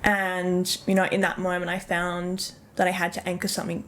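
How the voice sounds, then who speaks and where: A woman's voice: fairly low pitch, completely flat delivery, normal speed, a bit bright. A woman with an Australian accent, a holistic coach talking earnestly and emphatically as a podcast guest. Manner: earnest, emphatic, swears casually. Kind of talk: casual conversational interview.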